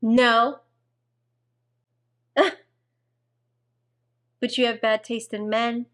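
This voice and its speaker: A woman co-hosting a podcast in casual chat, wry and joking, filling her talk with "like" and quick agreement. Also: a little high, steady tone, fairly bright tone. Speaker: podcast co-host.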